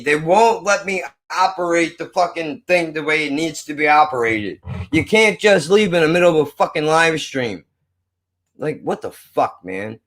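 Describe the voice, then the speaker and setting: A man rants live to his stream, his voice pitched a touch high. He mutters and swears in exasperation, half to himself and half to the chat. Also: fairly bright tone. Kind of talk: frustrated off-the-cuff rant.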